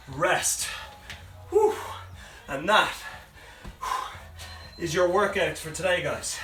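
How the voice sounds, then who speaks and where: A fitness coach guides a live home workout, out of breath while counting reps down and encouraging listeners. His voice is high-pitched and sharp, picked up by a distant mic in a roomy space with faint music behind.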